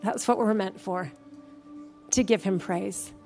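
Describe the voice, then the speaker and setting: A woman's voice: mid-range voice, slow, gravelly, darkish tone, soft background music. A woman pastor preaching a sermon in a church, building to fervent, emphatic calls to praise. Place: church sanctuary.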